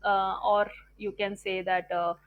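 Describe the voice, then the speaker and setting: A woman's voice: medium pitch, little pitch movement, a little slow, phone-quality sound. A woman, giving a patient, filler-heavy talk in an online group session. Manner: explains patiently with many fillers and tag questions. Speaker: session speaker on business analysis.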